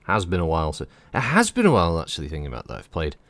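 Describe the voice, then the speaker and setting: A man's voice: low voice, wildly swooping pitch, racing, fairly bright tone, no echo. A man giving casual, rambling commentary as he streams a game, swearing freely.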